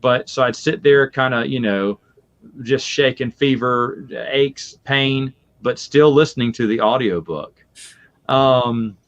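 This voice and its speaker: A man of middle pitch chats casually as a guest, telling lively stories and breaking into laughter. The audio is muffled and a little lo-fi. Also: slow pace. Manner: lively storytelling with frequent laughs. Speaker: podcast guest. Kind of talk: casual chat.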